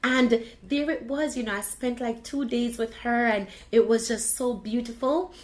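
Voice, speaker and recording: Animated woman telling a story. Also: a little high, measured pace, rough recording. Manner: animated, expressive retelling with quoted dialogue. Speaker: video blogger. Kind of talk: personal storytelling.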